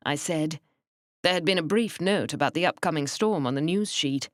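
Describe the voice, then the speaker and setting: A woman narrating a mystery audiobook in a measured, wry manner. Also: low-pitched, no echo. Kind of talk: scripted narration.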